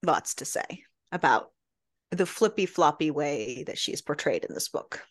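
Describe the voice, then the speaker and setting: A woman's voice: deep voice, animated, normal speed, no room sound, studio quality. A woman co-hosting a casual book-club podcast, animatedly retelling scenes and acting out the characters' lines. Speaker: podcast co-host.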